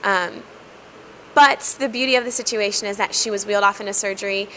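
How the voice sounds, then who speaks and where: A woman sharing a personal testimony in an earnest, reflective way, with frequent pauses and fillers. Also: mid-range voice, steady tone, pushed and bright, slight background noise, rough recording. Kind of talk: heartfelt personal storytelling.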